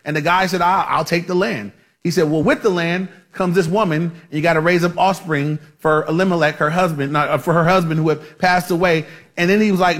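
A middle-aged pastor preaching a sermon in a casual, chatty way, with asides to the congregation. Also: male voice, on the high side, fairly even intonation, fairly quick, a bit bright. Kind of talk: conversational sermon.

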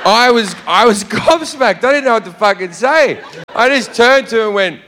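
A man's voice: sits high, animated, moderate pace, over a noisy crowd, very noisy. An Australian man telling a profane stand-up story, brash and swearing freely, recorded live in a reverberant hall. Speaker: stand-up comedian.

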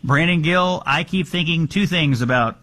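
A man's voice: a little high, normal speed, pushed and bright. A man hosting a political talk show, asking pointed, sarcastic questions. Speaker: host.

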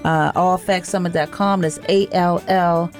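A woman, chatting on the radio about an event she organizes, upbeat and quick to laugh. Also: fairly low pitch, steady tone, a little mellow, soft background music. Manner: upbeat, laughs often, spells out web addresses. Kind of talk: casual radio chat.

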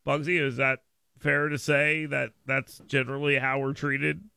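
Animated, bright-voiced male radio host. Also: normal speed, gravelly, no room sound. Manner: animated storytelling, jumps up in pitch and volume for emphasis. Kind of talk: casual talk radio monologue. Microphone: studio microphone.

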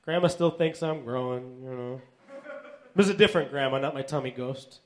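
A man in his thirties delivering stand-up one-liners in a deadpan way, with filler "uh"s. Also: medium pitch, fairly quick, heavy background noise. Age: 30s. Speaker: stand-up comedian.

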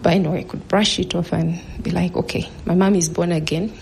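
A woman in her thirties telling a personal story in an earnest, measured way, now and then dropping to a hush. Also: fairly low pitch, fairly even intonation, vocal fry, a little hiss or hum.

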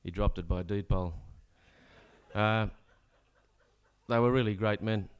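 A man's voice: lowish voice, fairly even intonation, slow, clear, resonant tone. An Australian man performing a comic rhyming ballad on stage, with dry, sardonic spoken asides between rollicking rhymed verses.

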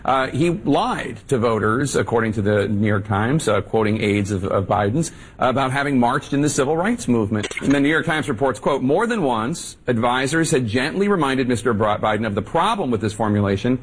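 A man anchoring a television news clip, measured and wry, with some fillers. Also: medium pitch, expressive, slightly rough.

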